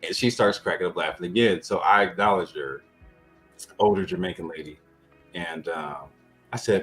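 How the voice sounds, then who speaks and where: Very low male voice, laid-back podcast host, rambling profane storytelling. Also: fairly quick, fairly bright tone, soft background music, poor audio. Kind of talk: casual storytelling.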